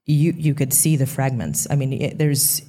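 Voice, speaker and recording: A woman's voice: a bass voice, moderate pace, warm tone. A woman co-hosting a true crime podcast, talking casually with rambling restarts and sarcastic asides. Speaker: podcast co-host.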